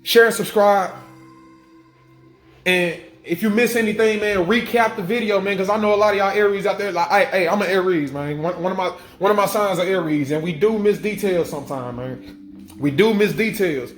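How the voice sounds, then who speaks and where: A man's voice: high-pitched, normal speed. A man giving an emphatic, repetitive spiritual monologue to his viewers, restating each point and swearing casually. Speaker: spiritual vlogger. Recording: echoey room with faint music.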